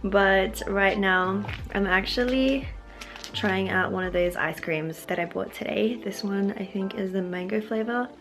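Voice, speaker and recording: A woman's voice: medium pitch, measured pace, a bit bright, soft background music. An Australian woman around thirty chatting casually to camera at home in her vlog, full of "like" fillers. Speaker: lifestyle vlogger.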